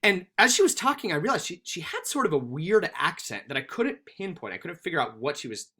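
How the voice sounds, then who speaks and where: A man's voice: fairly high pitch, a little fast, slightly rough. A male teacher giving a recorded history lesson, telling stories animatedly and acting out quotes. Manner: animated storytelling with acted-out quotes.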